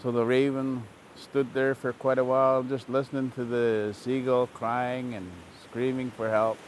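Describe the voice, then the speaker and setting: A male storyteller recounting a traditional tale at an easy middle pitch, with plain, repetitive phrasing and occasional fillers. A faint rumble sits underneath. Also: measured pace. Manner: relaxed, repetitive, plain-spoken. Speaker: language teacher telling a traditional story. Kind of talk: oral storytelling.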